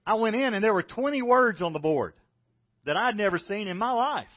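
A South Carolina pastor with a Southern drawl delivers a folksy, self-deprecating sermon. His voice sits high for a man. The recording sounds dull and lo-fi. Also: expressive, fairly quick. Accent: Southern American. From South Carolina, United States.

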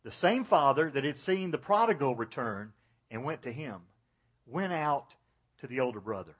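A man's voice: medium pitch, lively intonation, normal speed, husky. A man preaching a sermon as pastor, dramatically acting out the lines of the story's characters. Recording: dull, lo-fi church recording.

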